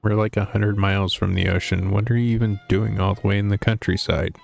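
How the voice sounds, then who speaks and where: A man's voice: on the low side, little pitch movement, brisk, vocal fry, a little mellow. A man streaming a game, reading its lines aloud in a dry, wry way. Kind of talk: reading a visual novel aloud. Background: faint game music.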